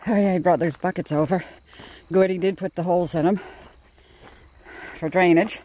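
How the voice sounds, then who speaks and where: A woman's voice: lowish voice, steady tone, moderate pace, dark tone. A woman from Canada chatting casually on a phone camera, out of breath from outdoor work. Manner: chatty, laughs often, talks to her cats in a sweet baby voice. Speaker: vlogger. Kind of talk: casual vlog chat. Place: outdoors at a rural woodpile, then indoors at home. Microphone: handheld phone camera.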